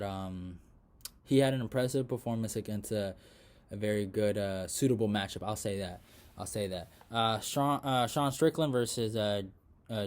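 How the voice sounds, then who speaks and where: A young man hosting a casual fight recap, rambling with many fillers and restarts, dropping into mumbles, then bursting out loud and excited. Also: fairly low pitch. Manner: rambling, lots of fillers and restarts, swears freely; swings from mumbled asides to excited loud outbursts. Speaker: MMA predictions channel host.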